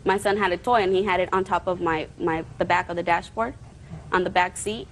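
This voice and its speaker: A woman's voice: lowish voice, fairly even intonation, a little fast, slight background noise, poor audio. A woman plaintiff giving courtroom testimony in an earnest, rambling way, defensive when challenged.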